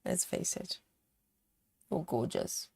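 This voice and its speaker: A woman's voice: deep voice, very animated, slow, creaky, a little mellow, slightly rough. A woman chatting casually on a live stream as she stitches, giggling often and reading out viewer comments.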